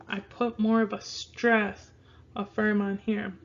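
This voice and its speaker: A woman teaching a casual online language lesson, slowly repeating words so learners can practice their pronunciation. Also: mid-range voice, steady tone, darkish tone, dull audio. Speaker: Spanish teacher.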